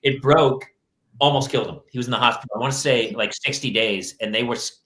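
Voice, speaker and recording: A man hosting a parenting podcast, telling rambling, excitable stories in casual chat. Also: medium pitch, fast, echoey room, poor audio. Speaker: podcast host.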